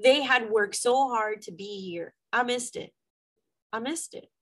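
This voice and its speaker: A woman's voice: a little high, unhurried, rough recording. A middle-aged woman, a mother, telling a personal story in a candid, emotional, venting way with some swearing.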